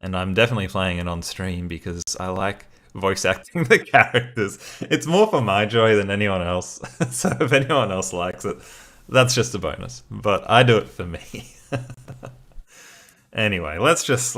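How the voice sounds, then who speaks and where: Man, low-pitched, chatty, laughs a lot, livestream host thinking aloud. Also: expressive, unhurried, fairly bright tone. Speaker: streamer and host. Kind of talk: casual livestream commentary.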